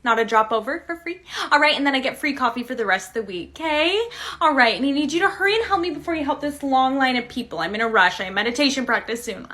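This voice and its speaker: A woman's voice: high-pitched, animated, fast, pushed and bright. A woman acting a whiny, demanding entitled customer in a comedy skit, fake-sweet as she insists on a refund.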